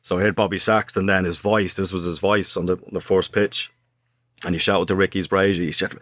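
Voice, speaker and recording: A middle-aged man, a former footballer, telling animated stories in casual studio chat. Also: deep voice, a little fast, no room sound. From Ireland. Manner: animated anecdotes, acts out quotes, swears. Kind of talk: casual storytelling. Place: podcast studio.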